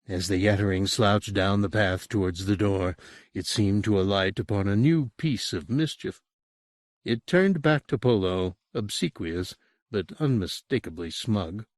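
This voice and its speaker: A man reading a horror audiobook as narrator, in an expressive storytelling manner. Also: on the low side, unhurried, dry recording, studio quality. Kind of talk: scripted narration.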